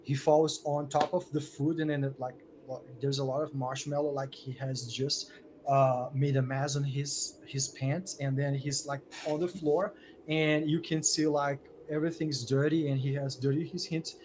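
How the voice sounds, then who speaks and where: A man's voice: on the high side, level tone, moderate pace, noisy background. A man running a tabletop game as game master, setting scenes with lots of "like" and restarts.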